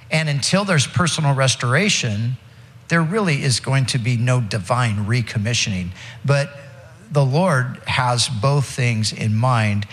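A man's voice: mid-range voice, fairly bright tone, in a large hall. A male pastor preaching an expository sermon, explaining scripture with frequent restarts and fillers.

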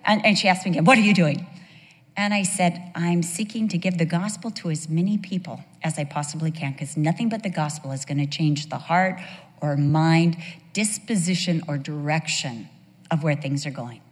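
A woman teaching a Bible sermon to a women's group, conversational and animated, telling stories with rhetorical questions. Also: sits low, moderate pace, big-room sound.

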